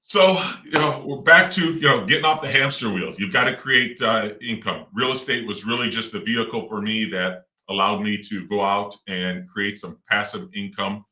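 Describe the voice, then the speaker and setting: A man's voice: on the low side, moderate pace, hardly any pauses, bright, forceful tone. Middle-aged man rambling in an echoey room. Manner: rambling, with many fillers and restarts. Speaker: real estate investor guest. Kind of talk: casual interview talk. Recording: roomy echo, distant mic.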